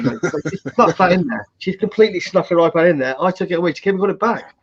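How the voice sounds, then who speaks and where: A man hosts a casual livestream and spins a lively family anecdote. His voice is husky and a bit breathy, and the audio is muffled and lo-fi. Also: on the high side, very fast, hardly any pauses. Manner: animated anecdote-telling. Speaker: host. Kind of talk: casual storytelling chat. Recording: dull lo-fi call audio.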